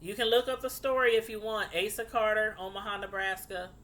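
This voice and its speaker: A woman casually recounting a true crime story to her viewers, getting animated and outraged as she tells it. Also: fairly quick. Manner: animated, outraged, rising high when indignant.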